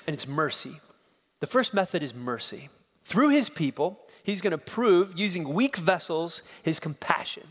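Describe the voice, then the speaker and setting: This animated preacher speaks at a normal pace in a high, slightly bright, husky voice, delivering an expository sermon. Emphatic repeated phrases build his argument, echoing with the long reverb of a church sanctuary.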